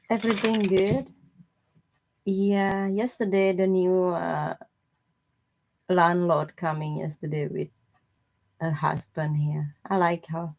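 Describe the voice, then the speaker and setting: A woman's voice: on the low side, steady tone, slow pace, vocal fry, long pauses, darkish tone. A woman hosting a tarot live stream. She chats casually with viewers, telling everyday stories in broken English and answering people by name. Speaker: tarot reader host.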